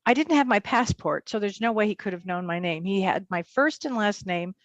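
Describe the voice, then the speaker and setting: A woman working as a medium tells a personal story as an interview guest, fast and vivid, acting out the dialogue. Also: mid-range voice, animated, no echo, highs cut off.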